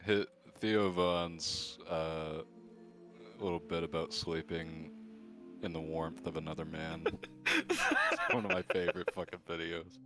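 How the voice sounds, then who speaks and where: Deep-voiced dude hanging out on stream, slow and chill, music playing. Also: male voice, huge pitch swings. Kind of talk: casual chat.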